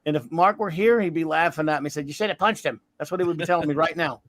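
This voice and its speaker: A man's voice: a little high, fast talker, a bit bright, dry recording, rough recording. A man in his fifties hosting a casual podcast chat, telling rambling anecdotes in a blunt, crude, joking way. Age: 50s. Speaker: podcast host.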